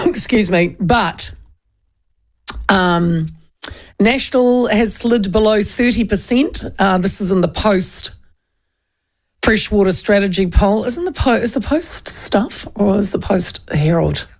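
A woman's voice: medium pitch, animated, slow pace. A woman hosting talk radio, chatting casually and reading listener texts aloud. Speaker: radio show host.

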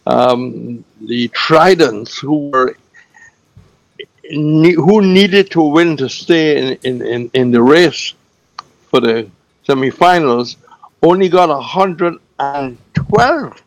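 A man presenting cricket scores on a radio show, halting, with many fillers, repeating figures slowly. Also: on the high side, animated, no room sound, rough recording. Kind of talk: radio sports news segment.

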